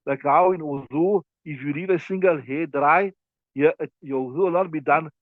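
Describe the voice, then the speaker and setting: Speaking at a moderate pace in a slightly high voice, an Islamic law teacher leads a lesson on a classical text, going over things repeatedly and describing his hand movements for listeners. There's no room sound, though the audio has a thin, phone-like quality, and the class is also streamed online.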